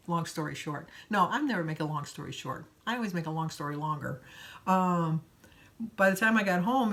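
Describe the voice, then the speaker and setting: Chatty older woman rambling through a story. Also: on the low side. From Michigan, USA. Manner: chatty and rambling, laughs between sentences. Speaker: vlogger.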